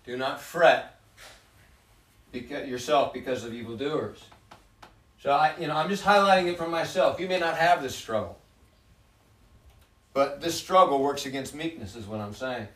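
A man's voice: a little high, normal speed, pauses often, fairly bright tone, recorded from a distance. Man teaching scripture in a roomy room. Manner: reads scripture aloud and expounds it, conversational. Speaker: Bible study leader. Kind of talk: Bible study teaching. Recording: roomy sound from off-mic.

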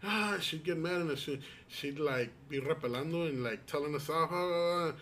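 A man's voice: a little high, moderate pace, fairly bright tone, slight background noise. A man with in his speech, telling stories in a rambling, casual chat with friends. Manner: rambling storyteller, many restarts and quoted asides.

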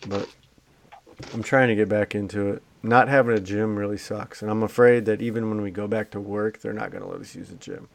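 A man with a fairly low voice, co-hosting a podcast over drinks. He talks in a relaxed, joking way and swears freely. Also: a little fast, vocal fry. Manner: blunt, profane, joking. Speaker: podcast co-host. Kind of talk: casual chat.

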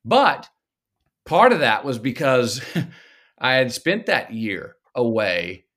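A man, a guest telling stories slowly and thoughtfully in an interview. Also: mid-range voice, sing-song, a bit bright. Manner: slow, reflective storytelling with drawn-out pauses. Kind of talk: conversational interview.

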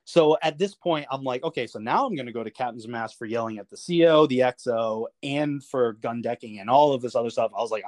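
A man, a navy veteran guest on a podcast, telling a story in a lively, casual way, cursing freely and acting out what others said. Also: mid-range voice, a little fast, hardly any pauses, dry recording. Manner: animated storyteller, swears freely, acts out quoted lines with chuckles. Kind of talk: casual anecdote told in an interview.

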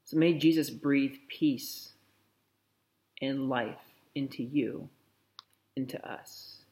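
A man preaching a sermon in a slow, reflective way, softly repeating a blessing. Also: medium pitch. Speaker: pastor.

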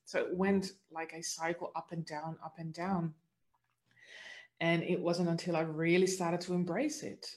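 A middle-aged woman earnestly telling her own spiritual story, moving between soft reflection and livelier moments. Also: on the low side, little pitch movement, a little slow. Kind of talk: personal storytelling.

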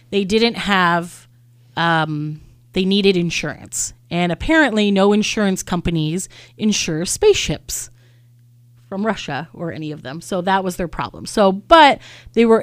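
A woman's voice: lowish voice, dry recording. Chatty woman telling a story. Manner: chatty storyteller acting out quotes, lots of "like". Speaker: podcast host. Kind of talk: casual chat.

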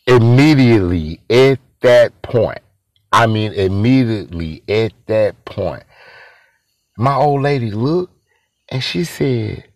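A man's voice: mid-range voice, lively intonation, unhurried, no room sound. A man telling a story casually, rambling and repeating himself, talking to his listeners as y'all.

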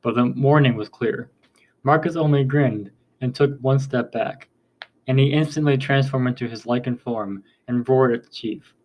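A man's voice: mid-range voice, moderate pace, low-quality recording. Man narrating an audiobook. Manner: steady reading with occasional slips. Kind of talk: scripted storybook narration.

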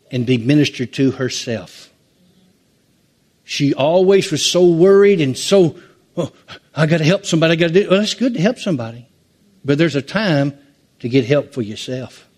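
A man's voice: fairly high pitch, expressive, a little slow, long pauses, a little mellow. A man preaching a sermon as pastor, drawing out emphatic phrases with sweeping swings in his voice.

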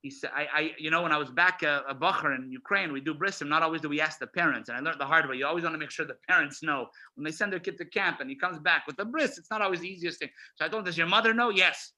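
Male rabbi, storyteller. Bright, slightly high voice, animated delivery with acted-out quotes. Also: fast, hardly any pauses, rough recording. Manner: animated storyteller, acts out quoted voices, swings loud and soft. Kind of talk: storytelling speech to an audience.

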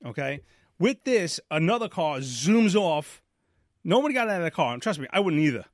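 He's a podcast host from New York, somewhere in his forties, with a voice on the high side at a normal speed. Telling a casual story, he gets animated, acts out the voices and repeats himself, all in studio quality with no room sound.

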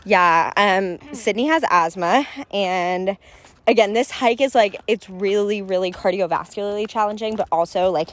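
A young woman talks to her audience in a loose, chatty vlog style, peppering her sentences with "like" and little laughs. Her voice sits at an ordinary middle pitch and she records on a handheld phone, sometimes outdoors. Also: moderate pace. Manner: chatty, laughs often, lots of "like". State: out of breath. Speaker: travel vlogger. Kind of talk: casual travel vlog chat. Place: outdoors on a hiking trail.

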